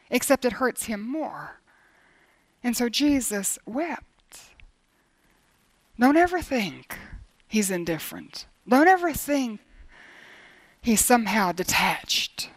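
High-voiced woman preaching earnestly. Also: unhurried, long pauses, no echo. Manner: earnest, lively, varying between emphatic and hushed; repeats phrases for emphasis. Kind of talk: sermon.

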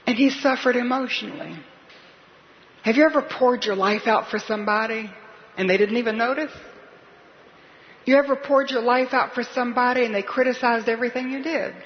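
A woman preaching a sermon with earnest emphasis, slowing and softening on key words and asking listeners direct questions. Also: on the high side. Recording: slightly muffled recording with faint hiss.

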